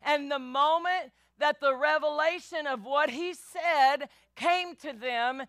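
Lady pastor preaching, high bright voice, dry close sound. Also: slow, hardly any pauses, no room sound. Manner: animated, acts out voices of biblical people; addresses congregation as y'all. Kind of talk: sermon.

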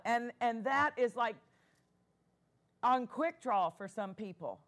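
A woman pastor preaches with a high-pitched voice. She speaks slowly and emphatically, repeating key phrases for weight. She calls for amens from the congregation. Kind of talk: sermon.

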